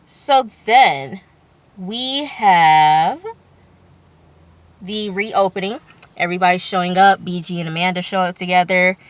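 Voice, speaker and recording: A woman talks through a reality show episode for her vlog in a loose, casual way. Her voice sits a little low, yet it has a bright, forceful edge. She is slangy and chatty, swears freely and drifts into asides. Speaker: TV recap vlogger.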